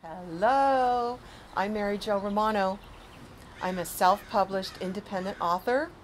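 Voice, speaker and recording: A woman author telling a personal story from her youth in a dramatic, animated way, with loud emotional bursts. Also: medium pitch, a little slow, slight background noise. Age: adult.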